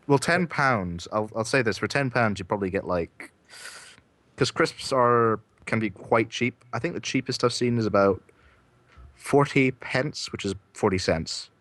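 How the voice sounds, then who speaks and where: A man's voice: mid-range voice, animated, unhurried, fairly bright tone, dry recording. A man co-hosting a casual developer podcast, laid-back and joking. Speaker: game developer, podcast co-host.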